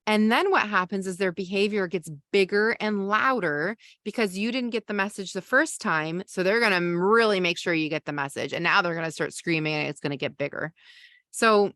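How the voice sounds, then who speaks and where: A woman's voice: mid-range voice, moderate pace, a bit bright, dry recording, studio quality. A woman, a parenting coach and podcast host, teaching a masterclass in a conversational way and explaining with everyday examples.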